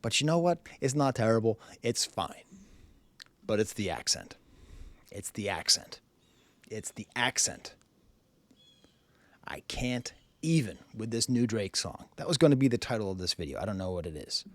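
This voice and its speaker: A man's voice: lowish voice, big pitch swings, normal speed, pauses often, dry recording. A man from Boston hosting a music review show, talking in a rambling way full of "you know" and "uh". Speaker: music review show host, French professor. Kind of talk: casual video commentary.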